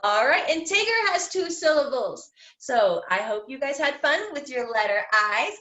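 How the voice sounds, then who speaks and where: A woman teaching a phonics lesson to young children, sounding out each letter slowly in a sing-song way. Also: high voice, lively intonation, fairly bright tone. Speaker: kindergarten teacher. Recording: echoey room.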